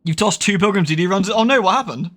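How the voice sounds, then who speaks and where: A man's voice: high-pitched, quick pace, a bit bright. A British man streaming a horror game, chatting casually with viewers in a rambling, sweary way, correcting himself and laughing often. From United Kingdom. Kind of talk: casual livestream chat.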